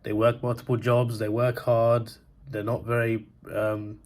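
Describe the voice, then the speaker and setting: A man's voice: mid-range voice, level tone, measured pace, darkish tone, no room sound. A young man rambling casually through a movie review vlog, laughing as he talks. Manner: chatty, rambling, laughs often. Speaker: movie vlogger. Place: outdoors and in a cinema. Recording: noisy outdoor phone recording. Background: wind and traffic.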